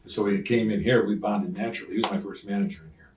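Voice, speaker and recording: An older retired wrestler telling stories in an interview, acting out the voices of others with loud swings. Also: male voice, on the low side, very fast, background noise. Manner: animated storyteller, acts out quoted voices, loud swings. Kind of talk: shoot interview storytelling. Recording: roomy sound, mic at some distance.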